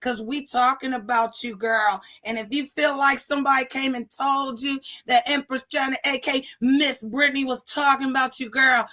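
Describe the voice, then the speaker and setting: A woman's voice: sits high, fairly even intonation, moderate pace, few pauses, bright, forceful tone. A woman streamer ranting in live commentary, brash, profane and scolding.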